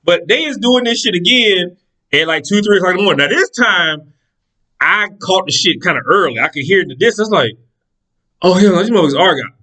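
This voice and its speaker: A man's voice: high-pitched, brisk, low-quality recording. A man telling a story in casual monologue, swearing freely and acting out the people in it. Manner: animated, profane, acts out the people in his stories.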